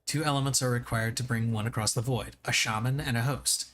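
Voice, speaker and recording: A man's voice: mid-range voice, fairly even intonation, brisk, a bit bright, a little hiss or hum, natural voice. A man voicing a wry, knowing male expert in a video game, explaining at length with dry humor.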